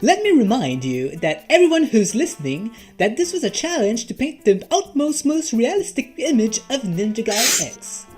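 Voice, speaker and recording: A woman's voice: on the high side, sing-song, moderate pace, few pauses, darkish tone, husky, faint music behind. A synthetic female voice playing a cheeky co-host with a put-on British accent. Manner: cheeky and full of slang.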